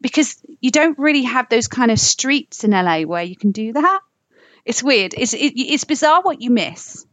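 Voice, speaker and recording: A woman's voice: fairly high pitch, sing-song, moderate pace, a bit bright, no echo. A woman guest with a British accent, chatting animatedly on a podcast, rambling a little and laughing easily. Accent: British, shifting toward whoever she talks to. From England. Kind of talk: casual chat.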